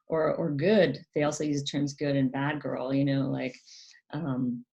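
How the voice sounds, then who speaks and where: A woman hosting a casual educational talk, speaking softly with many ums and acting out quoted parents in a higher voice. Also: flat delivery, unhurried, creaky, dull audio. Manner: soft-spoken, frequent ums, quotes parents in a higher, sharper voice. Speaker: channel host.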